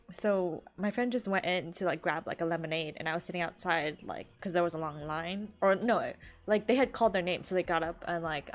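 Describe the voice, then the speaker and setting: A young Californian woman with a mid-range voice chats casually on a live stream. She rambles, laughs often, and fills her speech with "like."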